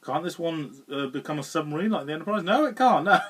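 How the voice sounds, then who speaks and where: Reviewing a film in a relaxed, wandering way, this man with a slightly raised pitch laughs frequently and keeps restarting and filling pauses. His intonation swings widely, his tone is fairly bright, and he talks at a normal speed. He's set back from the microphone, so he sounds distant, and there's a slight hiss or hum.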